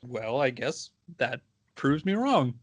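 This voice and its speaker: A man voicing a sly male dark elf mercenary leader in a tabletop game, in a casual, wry way. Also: mid-range voice, big pitch swings, slow.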